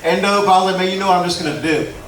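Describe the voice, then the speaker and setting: A young man from Houston, Texas, performs a loose, conversational stand-up set on a comedy club stage before a live crowd, laughing at his own punchlines. His voice sits high and comes out rapid-fire. It is captured from a distance in a roomy club recording with crowd noise.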